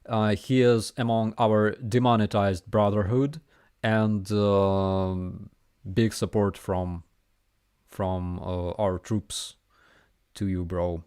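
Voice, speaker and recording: A man with a Ukrainian accent hosting a casual live Q&A and reading chat messages aloud, with a relaxed, hesitant manner and many fillers. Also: on the low side, takes it slowly, clean tone, no room sound, clean studio sound. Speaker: livestream host answering chat.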